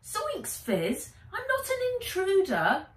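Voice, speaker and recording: A woman voicing a brave, practical young girl who exclaims in a high voice. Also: wildly swooping pitch, takes it slowly, reverberant, heavily acted. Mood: exasperated.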